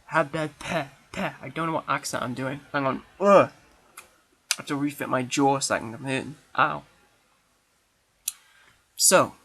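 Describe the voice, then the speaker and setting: A man's voice: a little high, sharp tone, poor audio. A man giving a casual spoken film review, rambling and correcting himself with frequent ums.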